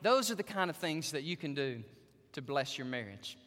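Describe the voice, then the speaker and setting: A male pastor preaching a sermon, telling stories in an animated way and speaking directly to the women listening. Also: on the high side, moderate pace, long reverb tail. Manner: animated storytelling, addresses the women in the audience directly.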